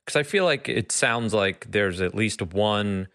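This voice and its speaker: A man in a relaxed, upbeat casual chat on a podcast. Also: on the low side, a little slow, no room sound, clean studio sound.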